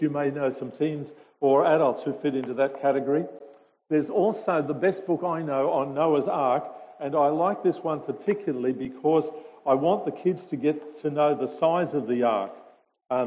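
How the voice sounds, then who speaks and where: A man's voice: on the high side, darkish tone. A man, a visiting speaker telling stories to a congregation in a chatty way with hesitations. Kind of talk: informal talk to a congregation. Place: church hall. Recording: dull lo-fi sound with a long hall reverb.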